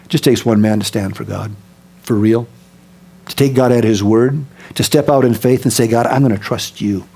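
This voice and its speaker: A man preaching a sermon as pastor, telling stories in an animated way, acting out scenes and dropping to a soft voice for emphasis. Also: mid-range voice, normal speed, vocal fry. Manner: drops to a soft, quiet voice for emphasis.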